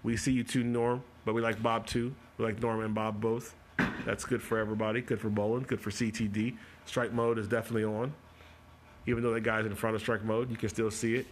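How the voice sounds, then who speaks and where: A man's voice: lowish voice, little pitch movement. A man hosting a live stream, chatting casually and joking while he breaks down bowling shots. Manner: chatty and joking, talks fast in spurts. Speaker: host of a bowling coaching show. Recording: live stream with faint noise.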